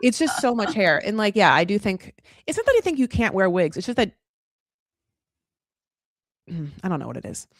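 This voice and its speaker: A woman's voice: mid-range voice, moderate pace, pauses often, dry recording. Chatty woman podcast host, dry mic. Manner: animated, rambling, acts out quotes in funny voices. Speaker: podcast host recapping a reality show. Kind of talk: casual chat.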